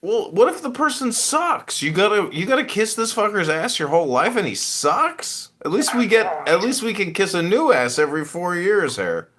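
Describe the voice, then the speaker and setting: A man hosting a podcast in casual, profane chat, mocking and animated. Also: high-pitched, moderate pace, hardly any pauses. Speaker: podcast host.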